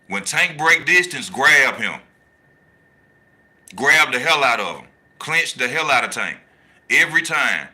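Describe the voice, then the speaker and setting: Boxing channel host, man, very bright tense voice, animated slangy delivery that hammers each point home. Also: mid-range voice. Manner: animated, slangy, repeats his points for emphasis. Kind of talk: casual boxing talk, reading live chat.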